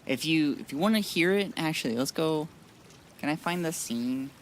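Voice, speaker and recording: A man's voice: a little high, expressive, moderate pace, slight background noise. A man streaming a modded game, chatting casually in a rambling, blunt way with frequent restarts. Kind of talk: casual live-stream chat.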